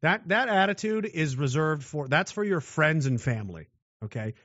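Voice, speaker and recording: A man rants in a blunt, mocking monologue, his pitch swinging widely. His voice sits a little high for a man. The recording is dry and slightly dull. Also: animated, moderate pace, a bit bright, no echo. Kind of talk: monologue rant.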